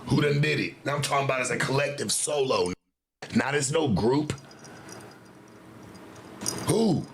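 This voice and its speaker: A man ranting on his livestream in confrontational street slang, calling out rivals directly. His voice sits at an ordinary middle pitch, with a faint hum of noise in the background. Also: expressive, a little slow, vocal fry. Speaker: livestream host. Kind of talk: livestream rant.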